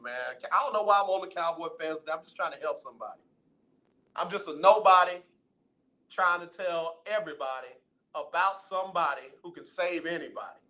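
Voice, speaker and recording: A man hosting a sports radio talk show, teasing and preaching to callers in loud, playful banter. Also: fairly high pitch. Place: radio studio.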